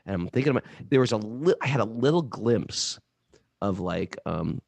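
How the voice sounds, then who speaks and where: A man co-hosting a casual chat, telling stories in an animated way and slipping into playful voices. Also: lowish voice, moderate pace, vocal fry, no room sound. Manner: animated storyteller, jumps into playful voices and laughs. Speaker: podcast co-host. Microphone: remote call.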